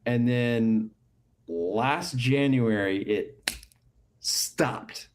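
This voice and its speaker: A man co-hosting a live stream, slightly congested from a cold, talking in a relaxed way with crude humor. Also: medium pitch, extremely slow. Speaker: co-host of a live show. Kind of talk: casual live-stream chat.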